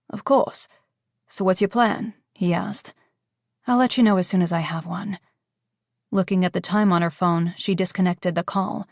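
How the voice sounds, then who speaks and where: A woman narrating a romance audiobook in a calm, even reading. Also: on the low side, no echo, clean studio sound. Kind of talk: scripted narration.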